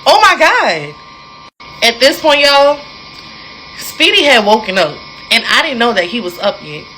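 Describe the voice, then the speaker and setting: A young adult woman telling a personal story in a casual, animated way, speaking straight to her listeners. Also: fairly high pitch, a little hiss or hum, poor audio. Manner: animated, addresses listeners directly, dramatic pauses.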